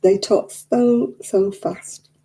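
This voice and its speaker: Mellow-voiced woman chatting. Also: medium pitch, fairly even intonation, drawn-out words. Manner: chatty and rambling, laughs often. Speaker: craft live-stream host. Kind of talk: casual chat while knitting, reading viewer comments. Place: living room at home. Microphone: desk microphone.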